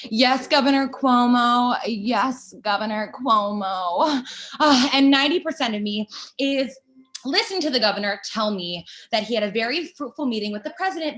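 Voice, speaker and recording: A woman performing a comic monologue as a woman daydreaming during a briefing, in a breathy, confessional tone over a video call from home. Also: mid-range voice, a bit bright, close to an everyday voice.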